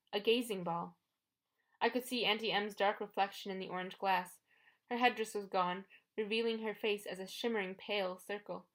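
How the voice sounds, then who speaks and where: A woman reading a first-person adventure audiobook in a steady storytelling voice. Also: mid-range voice. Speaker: audiobook narrator.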